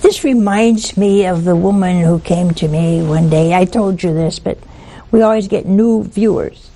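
A woman delivering a televised sermon in a folksy, teasing manner. She speaks very slowly, and her voice is gravelly with creak. She keeps asking her viewers rhetorical questions. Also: lowish voice, mellow. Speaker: preacher.

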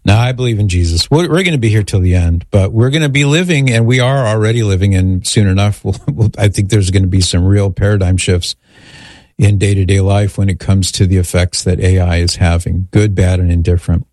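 A man's voice: low-pitched, brisk, a little mellow, no room sound, clean studio sound. A man hosting a call-in radio show, talking conversationally between clips and callers.

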